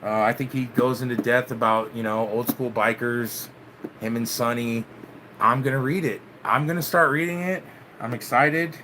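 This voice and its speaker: A man's voice: medium pitch, steady tone, normal speed, noisy background. A man hosting his own channel, chatting casually with viewers, loose and laid-back, dropping "man" and swearing often. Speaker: channel host. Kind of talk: casual vlog chat with live viewers.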